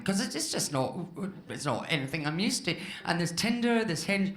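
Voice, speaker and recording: Lively woman in her fifties doing stand-up. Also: mid-range voice, a little fast, hardly any pauses. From Scotland. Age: 50s. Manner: chatty, self-mocking, talks straight to the crowd. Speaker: stand-up comedian. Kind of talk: stand-up comedy set. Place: comedy club stage. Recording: live club room with echo and audience laughter. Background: audience laughter.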